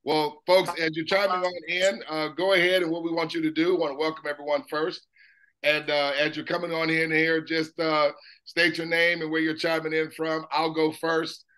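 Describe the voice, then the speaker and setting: A man's voice: fairly high pitch, level tone, normal speed, bright, forceful tone, smooth. A man from Houston, Texas, hosting an online meeting over a video call, upbeat and welcoming as he directs the call.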